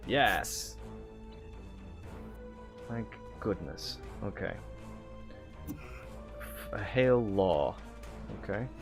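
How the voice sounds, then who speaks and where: Low male streamer, unhurried, halting casual chat over faint game music. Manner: relaxed, halting, many fillers.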